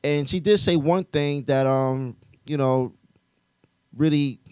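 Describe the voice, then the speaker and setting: A man's voice: a little high, slow pace, darkish tone, clean tone, dry recording. Laid-back man hosting a podcast. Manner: laid-back, hesitant with ums. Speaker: podcast host. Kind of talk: casual podcast chat.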